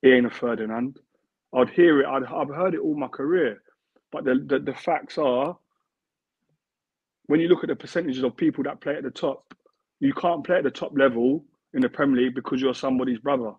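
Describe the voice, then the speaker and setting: A man's voice: mid-range voice, steady tone, fairly quick, breathy edge, dry recording. A man in his thirties, a former football player, talking earnestly as an interview guest and repeating himself as he builds a point. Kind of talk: casual interview chat. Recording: tinny phone-like remote line, dry.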